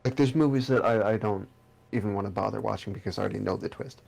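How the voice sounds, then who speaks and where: Gravelly low-voiced young man, casual podcast chat. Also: quick pace, a little mellow. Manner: rambling, swears casually, restarts sentences. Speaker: podcast co-host.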